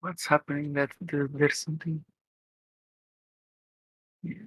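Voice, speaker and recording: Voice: mid-range voice, flat delivery, takes it slowly, a bit bright, husky, dry recording. A co-streamer in casual chat who stammers and restarts at the start of sentences.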